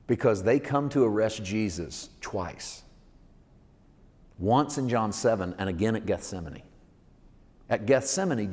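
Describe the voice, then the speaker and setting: A man's voice: fairly low pitch, darkish tone. A male preacher giving a conversational sermon that builds to emphatic fervor. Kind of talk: sermon teaching. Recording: long hall reverb.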